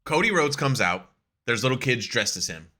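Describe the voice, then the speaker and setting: A man's voice: medium pitch, big pitch swings, moderate pace, bright, forceful tone. A young man co-hosting a podcast, ranting in casual chat, swearing often and laughing a lot. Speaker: podcast co-host.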